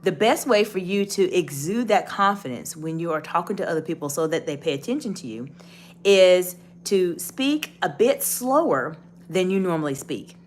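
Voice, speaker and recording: A woman's voice: on the low side, lively intonation, moderate pace, slight background noise. A woman giving a leadership coaching lesson, talking straight to the viewer in an encouraging, instructive way. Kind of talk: direct-to-camera coaching talk.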